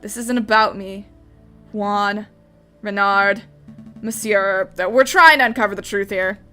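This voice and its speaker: A woman's voice: medium pitch, clear, resonant tone, soft background music. A woman doing a commanding falcon lawyer. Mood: stern. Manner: forceful, commanding, brisk. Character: stern male falcon defense attorney.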